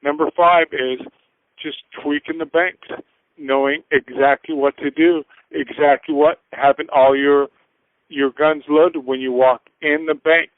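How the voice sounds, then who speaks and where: A man with a fairly high voice gives earnest, casual business advice as a radio guest. His voice comes through thin and boxy like a phone line, with no room echo. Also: fairly even intonation, a little slow. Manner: earnest, acts out little scenes in voices. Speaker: finance guest. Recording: tinny phone-like dry sound.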